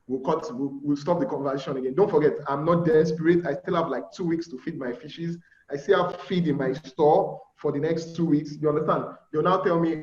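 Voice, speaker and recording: Brisk and slightly high, with a somewhat mellow tone, a Nigerian man teaches fish farming informally over a video call whose audio is muffled and echoey. He stays conversational, checks in with "all right?" and plays out bargaining scenes with buyers.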